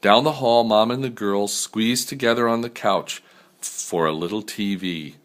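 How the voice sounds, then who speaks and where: An older man, a grandfather, reading a picture book aloud in an unhurried, expressive way. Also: fairly low pitch.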